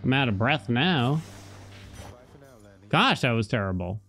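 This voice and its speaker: Excitable man streaming a game. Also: mid-range voice, a little slow, gravelly, long pauses, soft background music. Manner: excitable, yelps and swears at the game; chatty, talks to viewers between moments. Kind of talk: live gameplay commentary.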